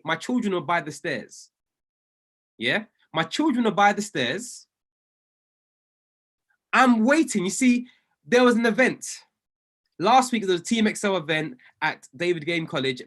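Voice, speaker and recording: A man gives a motivational talk to a room of traders, his pitch leaping and dipping all through. He leans on repetition and emphasis the way a preacher would, building each point as a story. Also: a bit bright. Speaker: trading coach.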